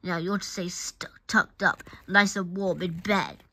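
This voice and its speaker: A woman voicing a fussy male doctor who briskly gives bedside instructions. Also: on the low side, fairly even intonation, bright, forceful tone, heavily acted. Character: fussy adult male doctor giving orders.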